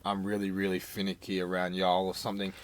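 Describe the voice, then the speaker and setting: A man's voice: sits low, monotone, fast talker. A young man co-hosting a podcast album review, talking hesitantly with many "um"s. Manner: hesitant, with frequent "um" and "uh" between thoughts. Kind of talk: casual podcast chat.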